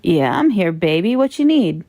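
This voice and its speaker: A man's voice: high-pitched, big pitch swings, normal speed, darkish tone, no room sound, studio quality. A woman voicing a smug, mocking young male online gamer who taunts in a sarcastic tone.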